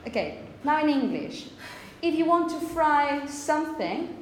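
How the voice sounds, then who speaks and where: A woman whose first language is Spanish teaches a phonetics class, her voice a little high. She explains step by step and keeps checking in with the students. The room is echoey, with faint background noise. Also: big pitch swings, a little slow. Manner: explanatory, checks in with "okay?" often. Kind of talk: classroom lecture.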